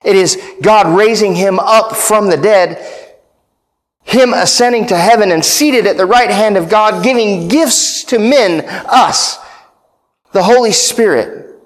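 A pastor preaching a sermon, emphatic, repeating key phrases and checking in with "right?". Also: male voice, high-pitched, a little slow.

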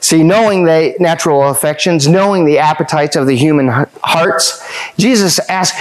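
A man with a fairly high voice delivers a sermon. He drives each point home with rhetorical questions and repeated phrases, rising in pitch as he presses them. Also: moderate pace, poor audio. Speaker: pastor.

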